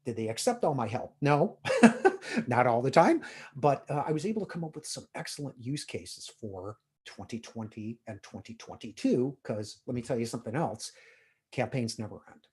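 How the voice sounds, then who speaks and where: Husky man giving a conference talk. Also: medium pitch, lively intonation, moderate pace, warm tone. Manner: conversational, frequent "uh" and "if you will". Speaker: conference presenter. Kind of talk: technical user-group talk.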